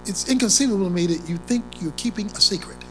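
A preacher giving a sermon, emphatic and repeating key phrases, swinging between loud declarations and hushed asides. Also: mid-range voice, fast, slight background noise, low-quality recording.

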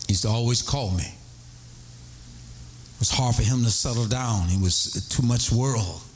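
A middle-aged man, a pastor telling a story in a sermon, animated and prone to high excited cries. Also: unhurried, a little hiss or hum.

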